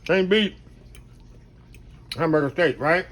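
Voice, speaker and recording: A man hosting a casual home cooking vlog, talking warmly to his viewers and calling them "y'all". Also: on the high side, expressive, moderate pace, long pauses. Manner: chatty, often addresses viewers as "y'all". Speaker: cooking channel host. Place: home kitchen. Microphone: camera on tripod.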